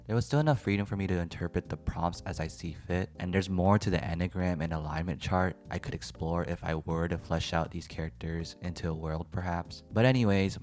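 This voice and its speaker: A man's voice: deep voice, darkish tone. A young man giving casual, self-mocking voice-over commentary on his drawings, speaking close to the mic. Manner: wry, offhand, self-mocking. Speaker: art youtuber. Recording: faint music behind.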